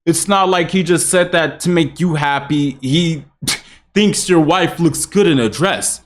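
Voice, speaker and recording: A man's voice: fairly high pitch, a little slow. A young man hosting a reaction video, with blunt, rambling commentary and swearing.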